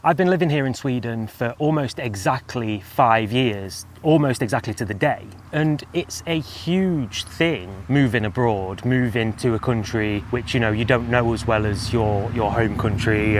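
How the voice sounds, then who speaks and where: An English man with a mild, softened British accent, chatting casually to camera as a vlogger with a loose, relaxed delivery full of fillers. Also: medium pitch, slight background noise. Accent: mild English, softened toward general British. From England.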